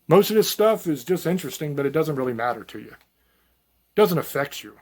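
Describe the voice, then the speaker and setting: A man talks straight to his viewers in a loose, rambling monologue, blunt and folksy and quick to swear. His voice sits a little on the high side. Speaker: channel host. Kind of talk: unscripted monologue to camera.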